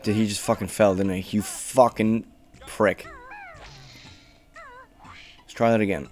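A man's voice: lowish voice, steady tone, measured pace, faint music behind. Swearing young gamer man, easily frustrated. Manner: frustrated, swears a lot, bursts into shouts. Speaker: let's play gamer. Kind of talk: casual gameplay commentary.

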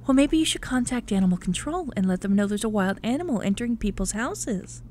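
A woman voicing a calm, caring middle-aged mother in a game, speaking softly and low. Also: fairly quick, a little hiss or hum, natural voice. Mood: calm concern. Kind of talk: voiced game dialogue.

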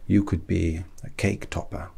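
A man's voice: low-pitched, flat delivery, unhurried, full character voice. A man whispering as a pompous British milliner. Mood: fussy. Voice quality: soft, breathy half-whisper. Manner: pompous, rambling, punning. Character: eccentric rambling male British hat maker. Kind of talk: whispered role-play.

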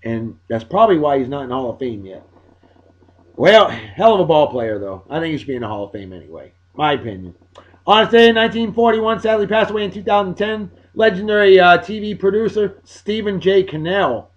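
40s guy from massachusetts hosting his own show, joking around, fake country twang, kinda high voice. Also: fairly quick, highs cut off. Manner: chatty, jokey, folksy drawl put on. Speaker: host. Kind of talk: casual solo video blog.

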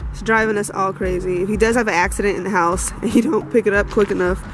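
A woman's voice: medium pitch, steady tone, fairly quick, few pauses, a bit bright, faint music behind. A woman chatting casually in a home vlog, rambling and talking to her puppy as she walks between rooms. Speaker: vlogger, dog owner.

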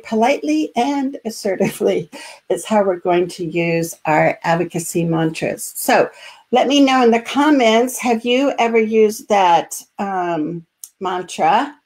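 A woman hosting a live online training, speaking in a calm, assertive and encouraging way, with frequent filler words. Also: mid-range voice. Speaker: host and special education advocacy trainer.

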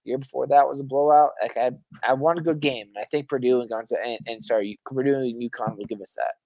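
A man co-hosting a sports podcast, talking in an animated, casual way, repeating words, restarting sentences and swearing freely. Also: mid-range voice, quick pace, dry recording. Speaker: podcast co-host. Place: Arizona.

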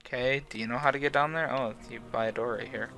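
A man's voice: mid-range voice, fairly even intonation, fast, pushed and bright. A young man co-playing a game, dry and grumbling, swearing in an offhand way. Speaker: co-player. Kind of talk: casual gaming chat.

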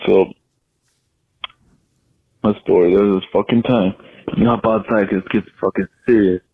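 A man's voice: lowish voice, steady tone, moderate pace, gravelly, husky, dry recording. A young man leaving a crude, boastful voicemail story full of profanity. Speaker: caller. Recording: tinny phone voicemail.

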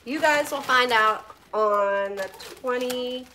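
A woman's voice: fairly high pitch, slow pace, noisy background. Chatty, laughing woman in her kitchen. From Pennsylvania, US. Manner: chatty, laughs often, talks to her kids between asides. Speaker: vlogger. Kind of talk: casual chat while cooking. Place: home kitchen.

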